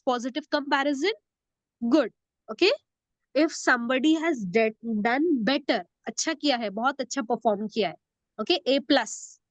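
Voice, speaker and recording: Recorded dry, a high-voiced woman gives a classroom lesson in English grammar, patiently going over words again and again. She checks understanding by frequently asking "okay?" and mixes Hindi into her teaching.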